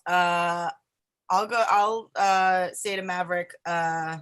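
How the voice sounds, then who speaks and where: Bright-voiced woman joking as a player. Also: fairly low pitch, steady tone, slow pace, clear, resonant tone. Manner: joking, laughs often. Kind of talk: casual tabletop banter.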